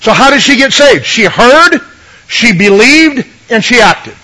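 High-voiced preacher on radio. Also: male voice, very animated, normal speed, pushed and bright, poor audio. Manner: conversational preaching, asks the congregation for amens. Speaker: pastor. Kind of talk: sermon.

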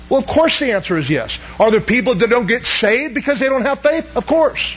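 A man's voice: sits high, very animated, fast talker, hardly any pauses, a bit bright, breathy edge, lo-fi sound. A man preaching a sermon, asking the congregation questions and pressing each point with emphasis. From Southern United States. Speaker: pastor.

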